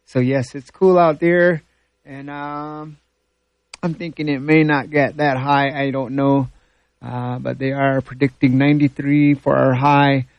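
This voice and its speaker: A man hosting a morning radio show, introducing country songs and chatting through the weather forecast in a relaxed, rambling way. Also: medium pitch, dry recording, muffled recording. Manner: slow, relaxed, rambling with fillers.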